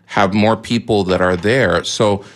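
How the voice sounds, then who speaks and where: A man's voice: fairly low pitch, fairly even intonation, a little slow. A man co-hosting a radio talk show, explaining news in a chatty way with fillers and asides.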